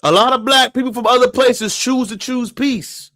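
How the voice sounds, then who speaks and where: A man's voice: very high-pitched, normal speed, sharp tone. A man giving impassioned live-stream commentary, emphatic and preachy, who keeps calling his viewers y'all. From moved to Texas from elsewhere.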